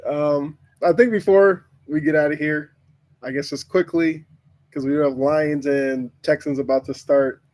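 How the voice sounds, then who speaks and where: A man with a slightly high voice who moderates a casual sports podcast. His comments are short and keep the conversation moving. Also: fairly even intonation, a little slow, darkish tone. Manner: brief, moderating.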